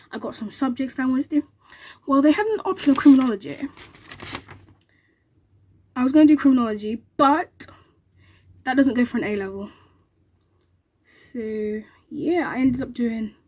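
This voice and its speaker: A young woman, vlogging to camera and telling an excited story in a rapid, animated way, acting out what others said. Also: high-pitched. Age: young adult.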